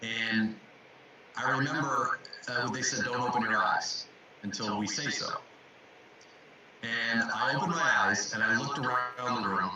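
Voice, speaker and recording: A man who works as a coach talks reflectively on a casual video call, his medium-pitched voice unhurried and broken by frequent pauses as he repeats words while searching for them. The recording is echoey, with him distant from the mic and loud background noise.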